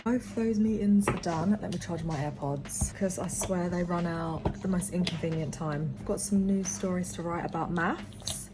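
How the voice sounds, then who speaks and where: A woman's voice: fairly low pitch, moderate pace, few pauses, loud music behind the voice. A young woman in her twenties chatting casually to camera in a home vlog, upbeat and talkative. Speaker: vlogger. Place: home, indoors.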